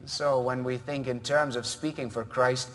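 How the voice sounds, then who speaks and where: Pastor, male, mid-pitched, earnest measured preaching, long hall reverb. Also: fairly even intonation, a bit bright. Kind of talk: sermon.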